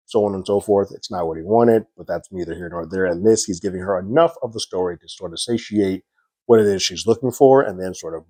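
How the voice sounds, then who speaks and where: Low, husky-voiced man reviewing TV. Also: mellow, no room sound. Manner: loose, conversational retelling with frequent fillers. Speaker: TV series reviewer. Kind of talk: casual episode recap and review.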